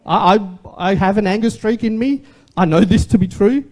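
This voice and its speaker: A man's voice: high-pitched, moderate pace, a little mellow. A man, preaching a sermon as a pastor in a conversational way and asking the congregation questions.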